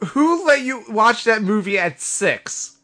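A man's voice: high-pitched, big pitch swings, takes it slowly, pushed and bright. A man co-hosting a comedy podcast, blunt and teasing. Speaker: podcast co-host. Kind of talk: casual comedy chat.

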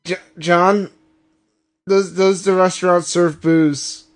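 A podcast host in a comedy chat, incredulous and quick to object. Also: mid-range voice, fairly even intonation.

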